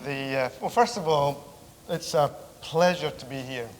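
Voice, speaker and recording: A middle-aged man giving a relaxed, joking lecture as a theology professor, often pausing on fillers. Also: on the high side. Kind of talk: conversational lecture. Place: large lecture hall. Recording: reverberant hall with faint background noise.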